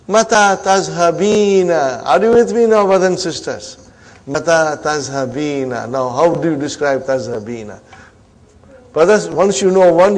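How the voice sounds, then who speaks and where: Here a man with a somewhat high, slightly mellow voice leads an Arabic grammar class taught in English. He quizzes students repeatedly with fast prompts and slips Arabic and Islamic phrases into his teaching.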